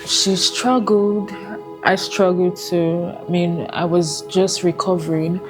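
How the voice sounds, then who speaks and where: A Nigerian woman giving a personal testimony, speaking haltingly with emotional pauses. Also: on the low side, fairly even intonation, music in the background. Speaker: testimony guest.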